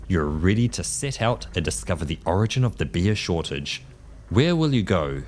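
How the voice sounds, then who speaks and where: A man streaming live, reading a text adventure aloud in an easygoing way and picking the options quickly. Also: low voice, slight background noise. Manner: easygoing, reads options then quickly decides.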